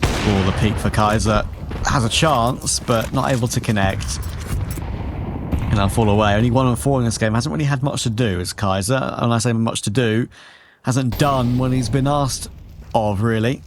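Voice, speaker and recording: A male esports caster giving conversational commentary that climbs with excitement on big plays. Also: mid-range voice, moderate pace, background noise. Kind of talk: color commentary.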